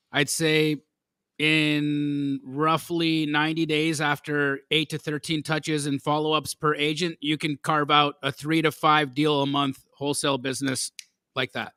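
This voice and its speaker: A man co-hosting a podcast, giving advice in a measured, matter-of-fact way. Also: fairly high pitch, bright, forceful tone, smooth, dry recording, studio quality. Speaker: podcast co-host. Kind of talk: casual advice chat.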